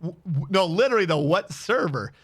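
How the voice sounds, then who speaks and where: A man telling a story on a casual live stream, animated and swearing freely, acting out what others said. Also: sits high, a little fast, breathy edge.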